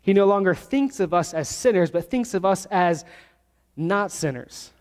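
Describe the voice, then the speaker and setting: A man with a high voice preaches to his congregation, working through the text verse by verse. He slows down to stress the key words. His voice rings with a long reverb in the church sanctuary. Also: expressive, darkish tone. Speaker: pastor. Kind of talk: sermon.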